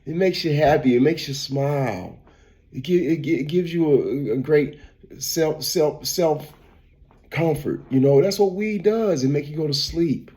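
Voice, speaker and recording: A man who is a barber and vlogger, giving a casual, animated opinion rant and repeating "man" and "bro.". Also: fairly high pitch, measured pace.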